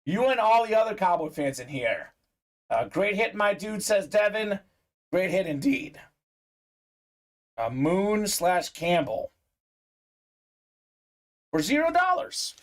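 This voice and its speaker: A man's voice: sits high, big pitch swings, slow, pauses often. A man hosting a live sports memorabilia break, chatting upbeat with viewers, reading their comments aloud and peppering his talk with "uh".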